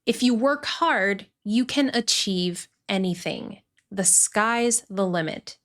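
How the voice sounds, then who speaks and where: A woman teaching English pronunciation, explaining clearly and repeating words deliberately. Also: medium pitch, expressive, a bit bright. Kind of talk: pronunciation lesson.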